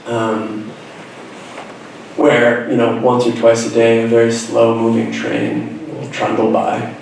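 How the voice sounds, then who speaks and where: A man's voice: mid-range voice, gravelly, slight background noise. A young man, an author, telling a personal story to a school audience, earnest and reflective with self-deprecating humor. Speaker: author giving a school talk. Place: school auditorium. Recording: very echoey hall, voice from far off.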